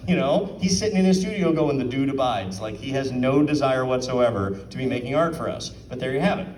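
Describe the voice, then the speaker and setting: Speaking briskly in a medium-pitched, slightly mellow voice, a man chats casually with a room full of people at an art auction, putting questions to them and performing quotes. The distant mic picks up a roomy sound and slight background noise.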